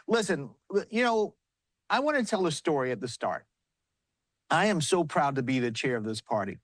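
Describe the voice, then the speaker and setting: Southern man as party chair on a remote news hit: high-pitched, dry close mic, earnest storytelling that builds to rousing remarks. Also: big pitch swings, normal speed, no echo. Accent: South Carolina. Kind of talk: live remarks on news broadcast. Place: large arena with commotion.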